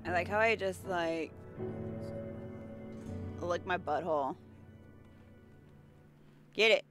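A woman's voice: fairly low pitch, slow pace, music in the background. A woman streamer giving playful, jokey let's-play commentary as she talks to herself. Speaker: game streamer.

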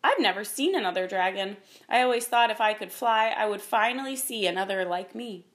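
A woman's voice: medium pitch, lively intonation, a little fast, fairly bright tone, natural voice. Dragon, as a woman voices a young, eager dragon. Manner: earnest and eager. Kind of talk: storybook reading.

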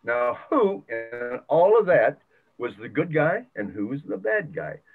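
An older man tells a folk tale in a slow, folksy way, and his voice rises and falls a lot as he goes. The sound is thin and phone-like, coming through a video call. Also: medium pitch, big pitch swings, vocal fry. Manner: folksy, dramatic retelling with pauses. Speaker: church member telling a story. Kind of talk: storytelling with a moral. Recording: tinny video call audio.

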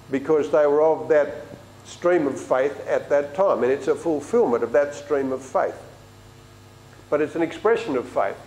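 A man's voice: a little high, darkish tone. Preacher man in an echoey hall. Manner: conversational storytelling preaching. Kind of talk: sermon.

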